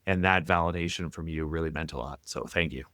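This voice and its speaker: A man with a Canadian accent hosting a podcast interview, enthusiastic and chatty, telling stories with animated energy. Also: very deep voice, brisk, no room sound, clean studio sound. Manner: enthusiastic storyteller, animated when retelling. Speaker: podcast host. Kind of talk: conversational interview.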